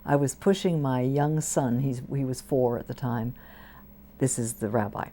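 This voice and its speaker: Her voice rumbles low at normal speed as an older woman, a priest, relates stories from her life in an interview at a community TV studio. Warm and anecdotal, she gives the people she quotes lively voices. A little hiss or hum is present.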